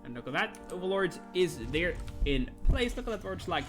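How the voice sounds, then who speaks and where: Man, esports caster, live commentary, high voice, very lively pitch, joking, music behind. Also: fairly quick, few pauses. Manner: animated, joking, acts out players in quoted voices. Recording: music playing under the voice.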